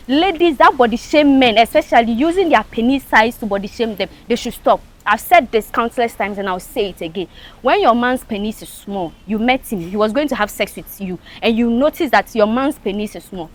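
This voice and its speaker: A woman with a Ghanaian English accent speaking frankly and emphatically as a panelist on a casual talk show. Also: a little high. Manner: frank, emphatic, mixes in local phrases.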